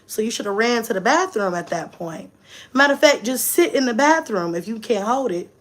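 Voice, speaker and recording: A young woman, telling a story in a casual vlog, expressive and swearing freely. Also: fairly quick, slight background noise. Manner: expressive, swears freely, swings from low asides to shrieking and laughing. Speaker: vlogger.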